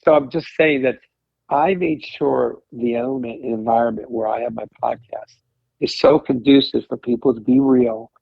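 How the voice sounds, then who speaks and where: A man telling stories and encouraging his host in a casual chat, rambling and warm-hearted. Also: mid-range voice, fairly even intonation, normal speed, vocal fry, slightly rough, no echo. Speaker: podcast host as guest. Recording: dry tinny phone-line sound.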